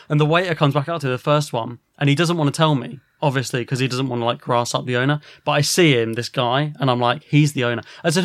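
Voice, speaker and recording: A man, a podcast host, telling a rambling, animated story and swearing a lot. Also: medium pitch, fast talker, no room sound, clean studio sound. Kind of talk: casual storytelling.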